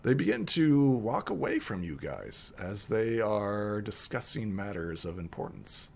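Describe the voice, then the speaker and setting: A man narrating as game master in a casual online tabletop session, with lots of fillers and quick switches into character voices. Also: fairly low pitch, sing-song, vocal fry, darkish tone, a little hiss or hum.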